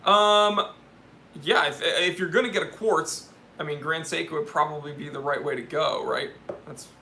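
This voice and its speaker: A man's voice: a little high, moderate pace, creaky, bright, forceful tone. A young man hosting a live watch Q&A stream, reading viewer questions and giving candid, joking opinions.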